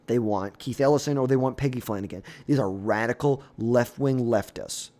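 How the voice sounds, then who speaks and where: A man's voice: medium pitch, warm tone. A young man giving blunt, opinionated political commentary in a casual, off-the-cuff way, often trailing off and restarting.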